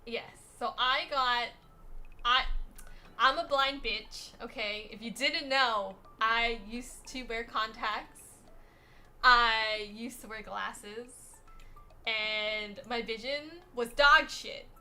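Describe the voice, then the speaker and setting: Sassy, bright-voiced young woman streamer. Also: on the high side, slow, soft background music. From United States. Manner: rambling, profane and sassy. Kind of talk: casual livestream chat.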